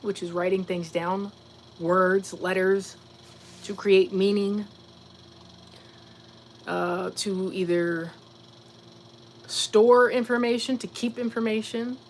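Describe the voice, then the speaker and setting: A Virginia-born livestream host muses reflectively and addresses viewers' comments head-on, using quick asides and fillers. Her voice is mid-range, with slight background noise.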